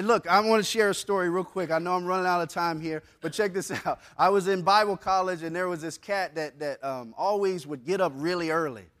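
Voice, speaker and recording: A man preaching a sermon to a church congregation in a conversational way, using casual slang and swinging between soft and loud passages. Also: sits high. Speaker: pastor. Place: church service before a congregation.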